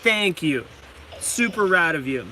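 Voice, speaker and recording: Lively high-voiced man chatting on a livestream. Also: a little slow, a little hiss or hum. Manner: chatty, laughs often, talks to his dog. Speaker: van-life channel host. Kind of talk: casual livestream chat reading viewer comments. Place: inside a cargo van.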